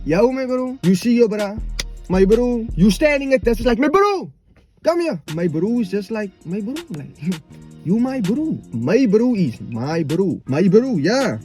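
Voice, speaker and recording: A man's voice: high voice, warm tone. A young man from Cape Town with a Cape Town South African accent, rambling casually and acting out street dialogue. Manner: rambling, acts out street dialogue, many "like" fillers. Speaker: vlogger. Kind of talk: casual explainer.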